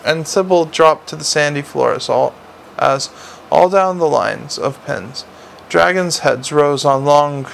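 Man, storybook narrator, gravelly, slightly high voice, stumbles and restarts. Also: slight background noise. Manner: reads with frequent slips and restarts. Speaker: audiobook narrator. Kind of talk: audiobook narration.

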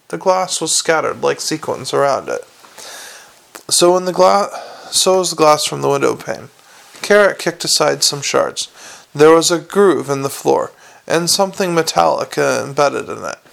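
A man reading a comic fantasy novel aloud, in a wry, steady way with small slips. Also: fairly high pitch, moderate pace, gravelly. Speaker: audiobook narrator.

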